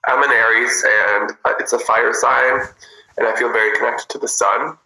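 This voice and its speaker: A man chatting casually with viewers on a livestream, bubbly and giggly, in an animated way. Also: medium pitch, moderate pace, gravelly, reverberant, rough recording. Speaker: livestream host.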